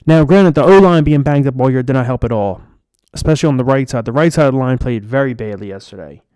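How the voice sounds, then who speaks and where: A man's voice: mid-range voice, expressive, quick pace, darkish tone, clear, resonant tone, dry recording, studio quality. A man giving a frustrated, profane, rambling rant as a sports fan vlogger. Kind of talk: ranting fan commentary.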